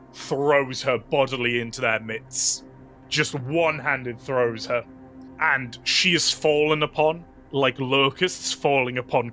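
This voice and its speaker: A man's voice: mid-range voice, pushed and bright. A man running a tabletop role-playing game as game master, telling the scene in vivid, gory detail with casual fillers.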